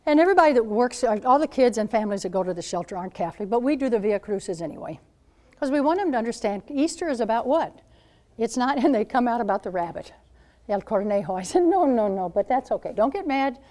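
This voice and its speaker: A woman in her seventies, a Catholic nun speaking to high school students as a guest speaker, telling stories in an animated way and acting out what people said. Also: fast talker. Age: 70s. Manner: animated storyteller, acts out quoted voices. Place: school gathering room.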